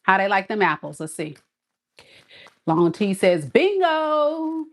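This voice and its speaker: Sassy woman tarot reader, slow, emphatic, direct to camera. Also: lowish voice. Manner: sassy, emphatic, talks straight to viewer. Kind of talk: casual tarot reading.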